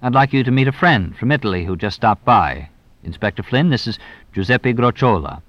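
A man voicing a quick-witted, evasive young man who answers briskly and glibly. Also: medium pitch, lively intonation, no room sound, muffled recording, close to an everyday voice. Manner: brisk, glib, deflecting.

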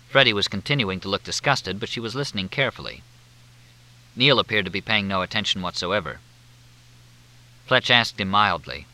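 A man narrating a novel in a crisp, lively reading. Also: on the low side, moderate pace, long pauses, rough recording. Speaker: audiobook narrator. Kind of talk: scripted narration.

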